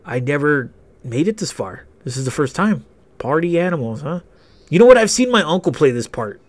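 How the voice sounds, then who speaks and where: A man's voice: fairly high pitch, sing-song, moderate pace. A man hosting a casual game walkthrough, rambling through personal stories and swearing a lot. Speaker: gaming video host. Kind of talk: casual let's-play storytelling.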